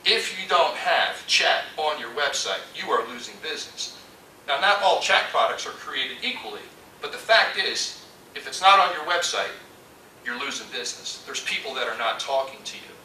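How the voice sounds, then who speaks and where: A man giving a storytelling keynote talk, animated and acting out the voices he quotes. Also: a little high, normal speed, slight background noise. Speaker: conference speaker. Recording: echoey hall from far off.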